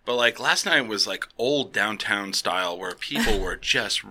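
A man's voice: lowish voice, unhurried, heavy background noise. A man co-hosting a casual chat, telling profane stories with laughter. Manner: animated, profane, laughing storyteller. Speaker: co-host.

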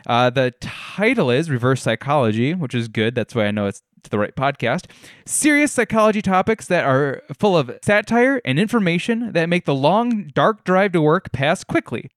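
A man's voice: a little high, sing-song, normal speed, no echo, studio quality. A young man hosting a casual solo podcast from his living room, telling stories in a wry, self-deprecating way. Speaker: podcast host.

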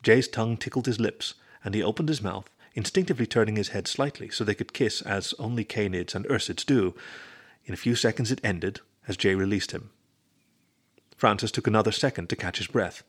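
A man reading a story aloud as narrator in a steady storybook manner. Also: lowish voice, fairly quick, husky. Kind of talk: scripted narration.

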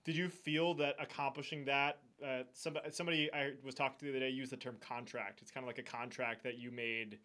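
A man's voice: mid-range voice, fairly even intonation, a little fast, hardly any pauses, sharp tone. A man interviewing a guest, asking long, reflective questions. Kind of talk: casual interview.

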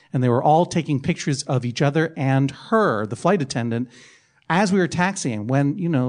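A middle-aged man telling a comic anecdote on a podcast, self-mocking and laughing through it. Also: mid-range voice. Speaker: podcast guest telling a story.

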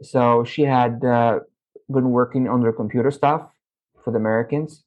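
A middle-aged man from Saudi Arabia, a podcast guest telling stories from his youth in an animated way. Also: medium pitch, normal speed. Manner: animated, acts out his own past dialogue. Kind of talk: interview storytelling. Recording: slightly muffled audio.

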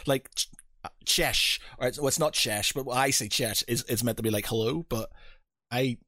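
A man's voice: mid-range voice, a little fast, a bit bright, dry recording, clean studio sound. A male podcast host in casual chat, telling anecdotes with quoted back-and-forth.

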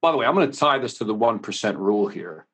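A man's voice: on the low side, sing-song, quick pace, fairly bright tone, husky. A man from the United States, a sales coach talking energetically with emphatic asides in a casual podcast interview.

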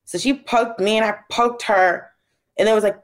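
A woman comedian talking casually as a guest and telling stories, acting out family members in quick, shifting voices. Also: mid-range voice, steady tone. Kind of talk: casual interview storytelling.

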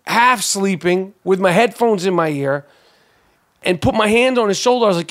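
High-voiced man telling a wild story. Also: normal speed. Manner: animated, profane, talks with lots of fillers and restarts. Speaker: podcast host. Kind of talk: casual podcast storytelling.

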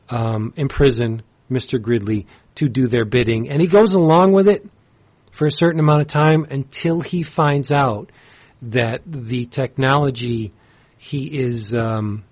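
A man's voice: mid-range voice, darkish tone. A man co-hosting a casual podcast, reviewing comics with gushing enthusiasm and rambling asides. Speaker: podcast co-host.

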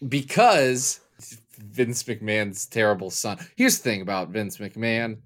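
A man's voice: lowish voice, animated, measured pace, fairly bright tone. A man from Kentucky co-hosting a podcast in casual chat, joking and drifting into long explanatory tangents. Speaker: podcast co-host.

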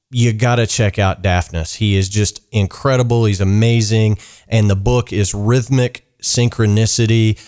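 A man's voice: fairly low pitch, darkish tone, smooth. A man hosting a podcast, wrapping up an episode in an upbeat, friendly way with many "uh" fillers. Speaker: podcast host. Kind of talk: casual podcast outro and sign-off.

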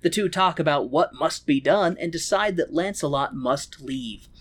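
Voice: mid-range voice, moderate pace, husky. A podcast host recapping a film in casual chat, crude and sarcastic.

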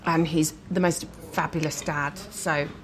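A female musician with a low, steady voice talks at a normal pace, chatting frankly and laughing easily as a guest over a meal. The casual dinner-table conversation has slight background noise, with cutlery and dishes clinking.

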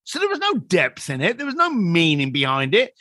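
A man talking as a podcast guest, spinning a story and voicing the people in it. His voice sits fairly high and moves a lot in pitch. The recording is close and dry. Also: brisk, no echo. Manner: animated storyteller who acts out quoted dialogue.

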